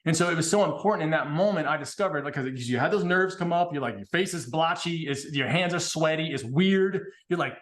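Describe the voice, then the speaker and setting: Fast-talking high-voiced blunt man. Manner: blunt, swears freely, animated storytelling. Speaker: podcast guest. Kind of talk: casual podcast conversation.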